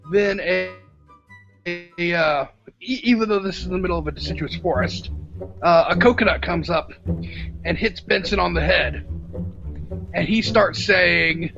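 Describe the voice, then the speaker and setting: Gravelly man rambling through a recap. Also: high-pitched, normal speed, long pauses. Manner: rambling, many "uh" fillers. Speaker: podcast co-host. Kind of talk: casual storytelling recap. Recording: muffled lo-fi with background music.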